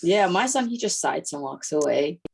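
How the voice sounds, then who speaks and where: Woman, low gravelly voice, casual interview guest, tells stories and does little voices for people. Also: moderate pace, a little hiss or hum. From Ukraine. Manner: lively storytelling that acts out quoted voices. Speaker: guest, mother.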